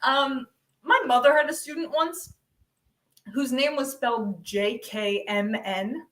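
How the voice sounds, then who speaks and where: A young woman doing a deadpan stand-up set over a video call, with many ums. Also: high-pitched, slow pace. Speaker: stand-up comedian. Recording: echoey room, distant from mic.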